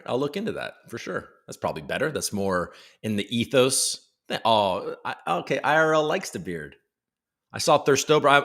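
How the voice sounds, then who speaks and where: A man hosting a casual live crypto stream, joking and teasing viewers as he reads the chat, with some swearing. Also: sits low. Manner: lively, with big jumps in loudness. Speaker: crypto livestream host.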